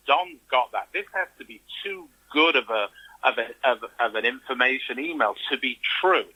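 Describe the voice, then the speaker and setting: Animated storytelling man with a husky voice. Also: mid-range voice, rough recording. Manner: animated storytelling, acts out quoted reactions. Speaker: interview guest. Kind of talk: conversational interview.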